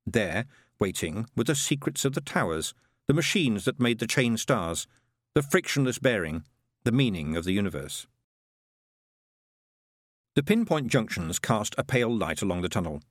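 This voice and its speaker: A male narrator reads a novel aloud with measured, expressive delivery. His voice sits fairly low and moves widely in pitch. The recording is dry and close, with no room sound. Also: no echo. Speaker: audiobook narrator. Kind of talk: scripted narration of a science fiction novel.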